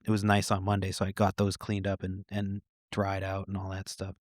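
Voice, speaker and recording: Low-voiced laid-back podcast guy. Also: monotone, a little fast, no room sound, studio quality. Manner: profane, laid-back, with frequent fillers and chuckles. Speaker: podcast host. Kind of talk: casual rambling storytelling.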